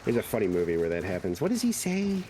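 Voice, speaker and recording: A man's voice: fairly low pitch, wildly swooping pitch, quick pace, mellow, a little hiss or hum. A man streaming a game, chatting casually and rambling through stories with lots of fillers. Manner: rambling storyteller with many fillers. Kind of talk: casual chat while gaming.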